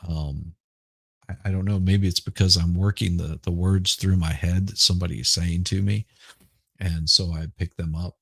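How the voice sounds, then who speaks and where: A middle-aged man with a Southern accent, hoarse right now, chatting casually and rambling on a livestream. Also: low-pitched, dry recording. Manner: rambling, halting, repeats words. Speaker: livestream host. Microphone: headphones with mic.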